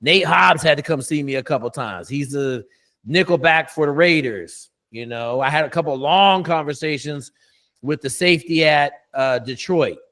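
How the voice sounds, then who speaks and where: A man's voice: on the high side, moderate pace, a bit bright. A middle-aged man, a coach, telling a story in a casual interview, blunt and profane with lots of emphasis.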